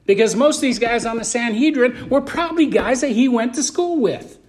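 A high-voiced pastor works through scripture verse by verse at a moderate pace, expressive and emphatic in a colloquial way. His delivery swings from loud bursts to quiet asides.

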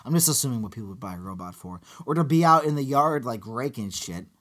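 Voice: mid-range voice, fast. A podcast co-host talking casually about a movie, profane and joking. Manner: animated, profane, jokey asides.

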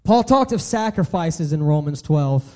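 A man's voice: a little high, lively intonation, normal speed, darkish tone. A young man giving an earnest sermon, often restarting and repeating his phrases. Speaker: preacher.

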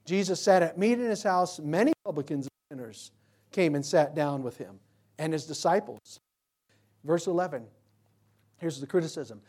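Male pastor delivering a sermon; emphatic preacher, animated, fond of rhetorical questions. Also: fairly high pitch, moderate pace. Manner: animated, swinging from loud to quiet.

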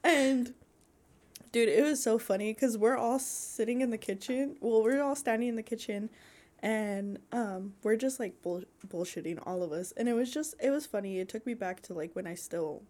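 A young woman co-hosting a podcast, telling animated family stories in casual chat and laughing often. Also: a little high, normal speed. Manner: animated storytelling, acts out family quotes, laughs a lot. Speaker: podcast co-host.

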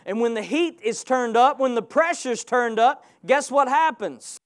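A man's voice: very high-pitched, unhurried. A man preaching a sermon with passion, calling out to his congregation. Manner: impassioned, calls out to the congregation.

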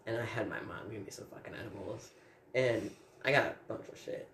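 A man telling stories in a casual chat as a guest, animated and swearing freely. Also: on the low side, a little fast. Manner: animated, profane storytelling. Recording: echoey room with faint background hum.

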